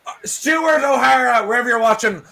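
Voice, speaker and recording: A man's voice: very high-pitched, brisk, gravelly, pushed and bright, poor audio. A man from Ireland, a regular panelist on a fan show, bantering and laughing in exasperation on a video call. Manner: laughing, exasperated, self-mocking. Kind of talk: casual banter.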